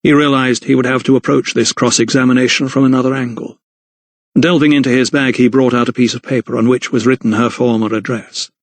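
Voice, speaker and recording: A male audiobook narrator reading a novel in a measured, even storytelling manner. His voice sits at a middle pitch for a man, recorded dry and close with no room sound. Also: dry recording. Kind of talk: scripted narration.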